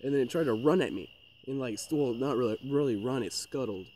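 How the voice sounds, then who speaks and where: A man's voice: mid-range voice, quick pace, dark tone, slight background noise, poor audio. A man co-hosting a podcast, telling his ghost encounters in a rambling, swearing, filler-heavy way. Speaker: podcast co-host. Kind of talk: casual storytelling chat.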